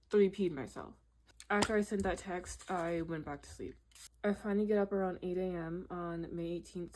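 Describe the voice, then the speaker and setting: Lower-pitched woman telling a casual story. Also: a little mellow. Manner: candid, chatty, peppered with "like" and "literally".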